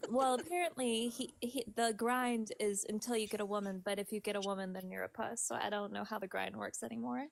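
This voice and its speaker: A woman's voice: mid-range voice, a little fast, creaky, few pauses. A woman co-hosting a live stream, chatting in a playful, drawling way. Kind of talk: casual stream chat.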